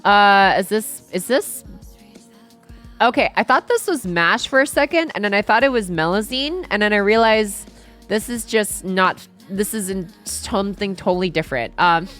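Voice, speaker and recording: A woman's voice: medium pitch, lively intonation, moderate pace, a bit bright, soft background music. A woman streamer with a Southern US accent, chatting in a loose, rambling way and swearing casually on a livestream.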